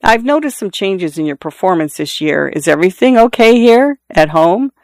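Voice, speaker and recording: A man's voice: high voice, big pitch swings, normal speed, vocal fry, dry recording, studio quality, exaggerated voice. A man reading an audiobook, voicing a concerned, probing female biology teacher.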